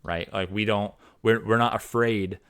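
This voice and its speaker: Rambling man, low voice. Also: fairly even intonation, unhurried, a bit bright, clean tone. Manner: rambling, many restarts and fillers. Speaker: fantasy author. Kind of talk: casual opinion monologue.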